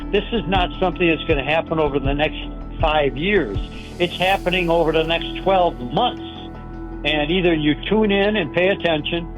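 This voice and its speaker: Urgent male guest, slightly high voice, dull lo-fi remote line. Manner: urgent, warning. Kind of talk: interview answers.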